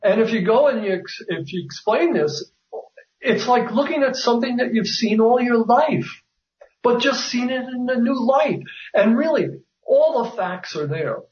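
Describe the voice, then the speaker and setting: A man's voice: very high voice, lively intonation, moderate pace, a little mellow. A man, an author being interviewed, talking at length with many fillers and restarts. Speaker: author guest. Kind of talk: conversational interview. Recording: roomy, distant, dull sound.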